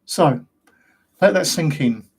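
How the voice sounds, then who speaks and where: A man's voice: a little high, animated, slow, husky. Rambling British man ranting to camera. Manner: rambling, ranting, asks rhetorical questions. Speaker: host of a paranormal investigation channel. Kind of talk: casual monologue to camera.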